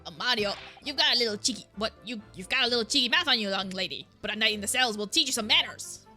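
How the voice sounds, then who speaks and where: A woman voicing a gruff male police inspector in a lowered, scolding voice, with game music behind. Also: fast talker, sharp tone.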